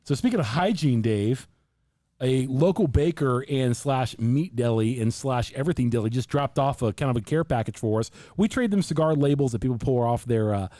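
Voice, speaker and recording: A middle-aged man hosting a podcast, talking in quick, joking banter. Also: medium pitch, lively intonation, dark tone, no echo. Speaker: podcast host. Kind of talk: casual chat.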